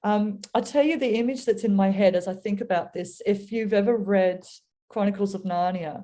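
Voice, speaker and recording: Woman guest, warm mellow tone, earnest storyteller sharing a reflection on faith. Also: medium pitch, fast talker. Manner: earnest, storytelling, acts out voices. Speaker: guest speaker.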